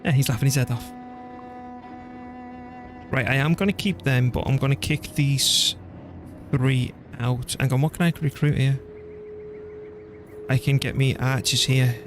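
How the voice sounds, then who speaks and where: A male game streamer of middling pitch, talking casually as he plays and thinking aloud about each move. He laughs easily, and soft music runs quietly behind him. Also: steady tone, a little slow, pauses often. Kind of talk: casual gameplay commentary.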